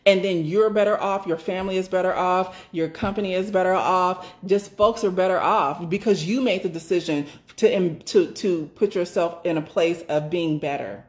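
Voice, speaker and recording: A woman giving a casual motivational talk as a doula business mentor, emphatic and repetitive, swearing freely and acting out her own inner thoughts. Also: lowish voice. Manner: emphatic, repeats phrases for stress, swears freely; acts out inner thoughts in quick rushed asides.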